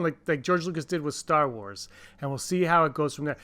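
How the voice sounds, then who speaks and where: A man co-hosting a casual podcast, talking excitedly with many restarts and acting out quotes in a raised voice. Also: a little high, a little fast. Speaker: podcast co-host.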